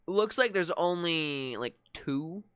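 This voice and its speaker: Bright, lively-voiced streamer thinking aloud. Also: medium pitch, slow pace, clear, resonant tone, no echo. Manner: thinking aloud, with frequent stammered restarts. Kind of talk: casual live-stream commentary.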